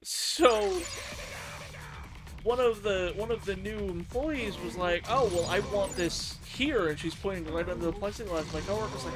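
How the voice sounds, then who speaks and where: A man streaming a game, telling work stories in a casual, animated way and acting out his coworkers' lines. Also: sits high, normal speed, over music. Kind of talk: casual storytelling on a live stream.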